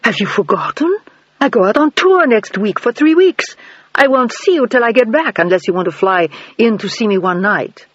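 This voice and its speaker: A man's voice: high-pitched, expressive, moderate pace, a bit bright, no room sound, dull audio, voice pushed up. A male narrator voicing a self-absorbed young woman dancer in an audiobook. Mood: offhand.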